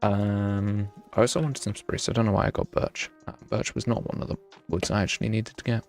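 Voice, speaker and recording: A man's voice: on the low side, fairly even intonation, a little fast, vocal fry, faint music behind. A young man from the UK, chatting casually and self-mockingly while streaming a game and answering chat. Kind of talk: live gameplay chat.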